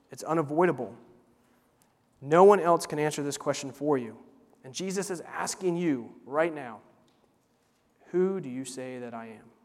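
A man delivering a sermon in an earnest, emphatic way, leaning on slow repeated words. His voice sits a little high for a man. It rings with a long reverb, as in a large hall. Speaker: pastor.

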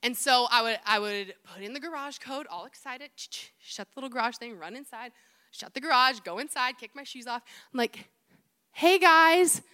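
Young woman, youth pastor, sermon, high voice, chatty storytelling, self-mocking asides. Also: a little fast, sharp tone.

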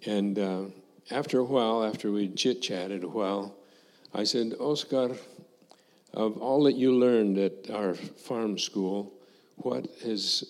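Older man, former missionary, lowish voice, unhurried reflective testimony, echoey hall. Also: a little mellow. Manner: slow, reflective storytelling with quoted dialogue. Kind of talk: personal testimony to a congregation.

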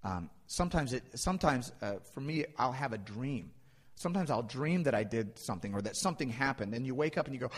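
A male pastor delivering a sermon, swinging between loud emphasis and hushed asides. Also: medium pitch, lively intonation, fast talker. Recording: long hall reverb.

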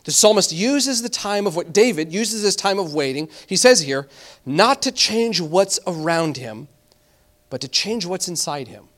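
High-voiced man preaching a sermon. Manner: animated preaching, reads scripture slowly, repeats words. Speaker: pastor.

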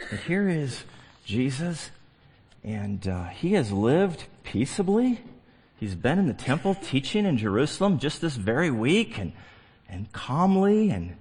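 A middle-aged man preaching a sermon as a pastor, swinging from hushed, slow phrases to emphatic, excited ones. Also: mid-range voice, husky.

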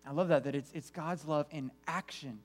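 A man's voice: a little high, moderate pace, soft background music. A man preaching a sermon to his congregation in an earnest way, often repeating words as he restarts phrases. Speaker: pastor.

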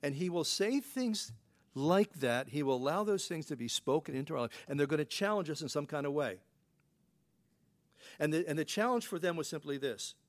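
Speaking at a moderate pace in a slightly high, expressive voice, a pastor preaches in a chatty, folksy way. He keeps asking rhetorical questions and often says "you know."

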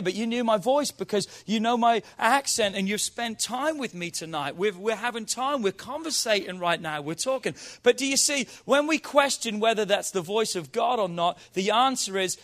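A man with a notably high voice preaches in a church. He teases the congregation with questions, then reads scripture slowly and swells into emphatic calls. His delivery is conversational and punchy. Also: fairly bright tone. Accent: non-local accent. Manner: playful, quizzing the audience, then preaching with rising emphasis. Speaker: pastor. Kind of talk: sermon.

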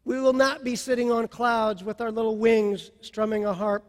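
Impassioned high-voiced male pastor preaching. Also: little pitch movement, normal speed, big-room sound. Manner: impassioned preaching that swings from soft to loud. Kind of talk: sermon.

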